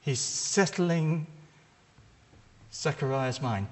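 A man preaching a sermon, retelling a story in a lively, conversational way with casual asides. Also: fairly high pitch, takes it slowly, pauses often. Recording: long reverb of a large hall.

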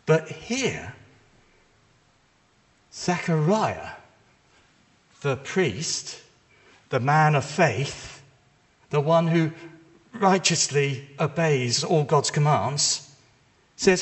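A man preaching a sermon, retelling a story in a lively, conversational way with casual asides. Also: fairly high pitch, drawn-out words, long pauses. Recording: long reverb of a large hall.

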